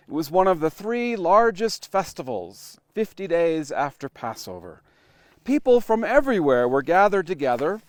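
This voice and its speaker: A male pastor preaching a sermon, telling it like a story with dramatic pauses and sudden shifts between loud emphasis and hushed, quiet lines. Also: high voice, no echo, studio quality. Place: church online worship recording.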